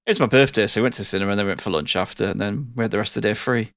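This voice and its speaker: A low-pitched man chats casually as a podcast host, relaxed and rambling, swearing freely. His voice is recorded close and dry, with no room sound. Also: rapid-fire, no echo. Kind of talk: casual chat.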